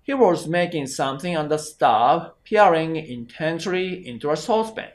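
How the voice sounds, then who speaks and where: A man's voice: on the high side, animated. A male exam prep teacher, reading an English exam passage aloud carefully. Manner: slow, careful read-aloud.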